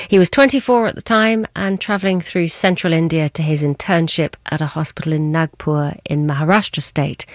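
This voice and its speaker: A woman radio presenter reading scripted news narration in a measured way. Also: deep voice, gravelly, no room sound, studio quality.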